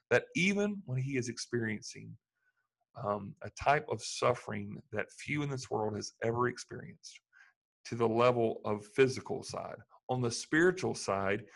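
Male pastor, sermon, earnest, mid-pitched voice, fervent build-ups. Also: gravelly.

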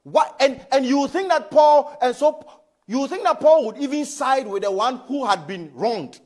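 High, animated preacher man in church. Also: unhurried. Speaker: pastor. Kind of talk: sermon.

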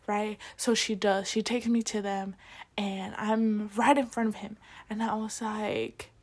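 A woman's voice: fairly high pitch, a little slow, breathy edge. A young woman vlogging casually, retelling a story with lots of quoted dialogue and filler words.

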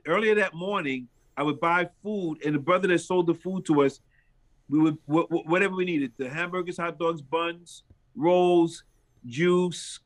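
A man, a pastor and street minister, telling stories in an interview in a lively, animated way. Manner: lively storyteller who acts out dialogue with big jumps in pitch.

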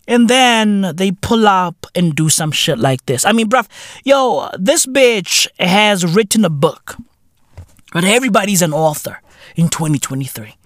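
A man hosting a podcast, delivering a profane comedic rant full of street slang and sudden shouted bursts. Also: high voice, expressive, a little slow, dry recording, studio quality. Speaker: podcast host.

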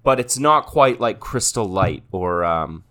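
A young man talking in a bright, ringing voice that swings widely up and down. He chats casually as a podcast co-host and keeps breaking into jokes. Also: on the low side, expressive, measured pace. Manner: joking, bursts into mock-panicked accent bits. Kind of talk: casual chat.

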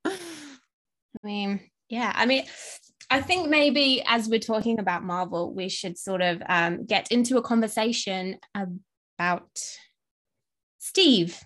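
A woman's voice: mid-range voice, slow pace, pauses often, a bit bright. A woman with an English accent co-hosting a podcast, chatting casually and rambling with many fillers and restarts. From England. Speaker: podcast co-host. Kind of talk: casual chat.

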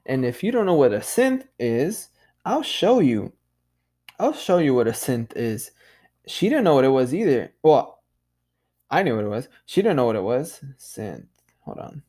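Slow-talking, profane male podcast host. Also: mid-range voice, very animated, mellow. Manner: loose and profane, peppered with "dude"; laughs at himself. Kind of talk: casual solo podcast monologue.

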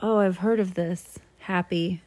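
A woman playing a lonely, aloof female dragon in a made-up story, speaking in a plain, slow, matter-of-fact way. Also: fairly low pitch, fairly even intonation, a little mellow, dry recording, close to an everyday voice. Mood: warming. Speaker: parent joining a child's made-up story. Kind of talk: improvised bedtime-story role-play.

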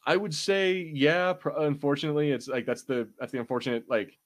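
A young man hosting a podcast in casual chat, animated and quick to curse, his pitch jumping when he gets excited. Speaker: podcast host.

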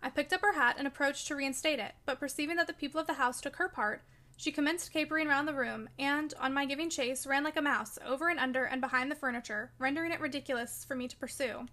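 High, bright-voiced woman reading a novel. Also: fast talker. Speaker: audiobook reader. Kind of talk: storybook narration of a classic novel.

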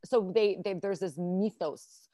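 A woman from central Connecticut chatting casually as a podcast co-host, quick and full of fillers. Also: medium pitch, mellow, no echo, studio quality. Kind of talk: casual chat.

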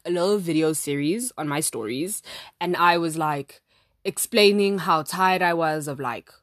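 A woman's voice: mid-range voice, no echo, studio quality. A young woman hosting her first solo podcast, chatty and dramatic, full of "like" fillers. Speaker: podcast host. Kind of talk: casual solo podcast chat. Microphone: phone app recording.

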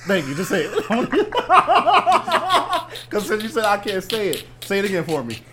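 A man hosting a podcast, telling stories in a casual, profane, animated way. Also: sits high, a little slow, background noise. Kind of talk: casual chat.

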